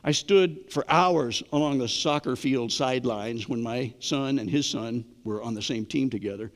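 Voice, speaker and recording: A man's voice: mid-range voice, normal speed, in a large hall. A middle-aged man preaching a sermon in a conversational way, asking the congregation questions. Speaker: pastor.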